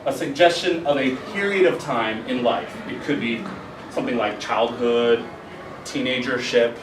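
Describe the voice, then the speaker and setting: A man's voice: medium pitch, moderate pace, far from the mic. Rambling man hosting an improv show. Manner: rambling and self-mocking, full of fillers. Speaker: improv host. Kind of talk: introducing a live improv show. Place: theater stage. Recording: roomy theater audio from afar, noisy.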